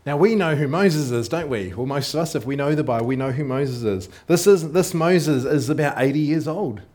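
A man delivers a sermon in a relaxed, talkative way. He keeps checking in with the congregation through rhetorical questions. His delivery is loose and unscripted, full of small fillers and restarts as he thinks aloud. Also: a little high, fairly quick. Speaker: preacher.

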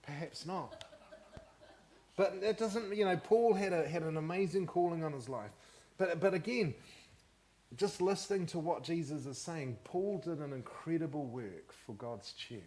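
Animated man preaching a sermon. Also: fairly high pitch, moderate pace. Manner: animated, asks the congregation questions. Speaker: pastor.

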